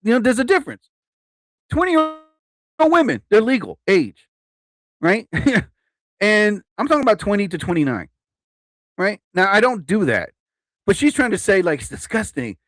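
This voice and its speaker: A chatty man in his fifties spins stories for a live-stream audience, his slightly high voice swinging up and down as he laughs at his own jokes. The sound is dry and close, with no room around it. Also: big pitch swings, moderate pace, long pauses, no room sound. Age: 50s. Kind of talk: casual live-stream storytelling.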